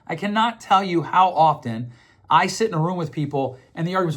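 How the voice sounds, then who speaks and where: Male advice speaker, earnest and direct, slightly high voice, acts out examples. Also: expressive, fairly bright tone. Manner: earnest, acts out short dialogues with quick shifts in voice. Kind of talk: direct-to-camera advice talk.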